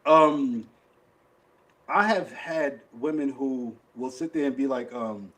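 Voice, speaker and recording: A man's voice: mid-range voice, animated, takes it slowly, pauses often. A man, chatting bluntly on a podcast and mimicking other people's voices. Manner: blunt, acts out quoted voices. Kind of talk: casual chat.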